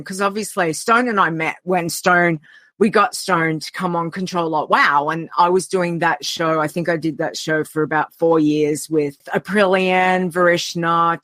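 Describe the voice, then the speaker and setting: An Australian woman appears as a guest on a casual podcast, speaking in a heartfelt, earnest way and often trailing off before restarting her sentences. Her voice sits on the low side and is a bit bright, in a dry recording.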